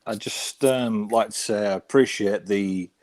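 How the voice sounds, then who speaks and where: A man from the UK giving his take as a podcast panelist, hesitant at first with many pauses, then blunt and critical. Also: fairly low pitch, a little mellow, slight background noise. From United Kingdom. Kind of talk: casual podcast chat.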